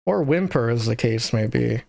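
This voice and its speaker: A woman's voice: a bass voice, expressive, normal speed, vocal fry, dark tone. A woman streamer giving sarcastic asides while playing a game. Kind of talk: casual game commentary with voiced read-along.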